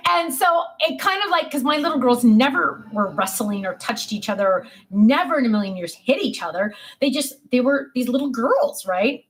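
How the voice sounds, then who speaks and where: An older woman with a slightly high voice chats in a relaxed, rambling way. She tells family stories in a casual tone, full of fillers and restarts. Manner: chatty storytelling, many fillers and restarts. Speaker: craft vlogger. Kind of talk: casual chat.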